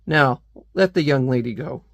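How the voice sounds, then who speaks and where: A man's voice: medium pitch, moderate pace, vocal fry, fairly bright tone, no echo. A man voicing a gallant male vigilante sidekick with a formal way of speaking.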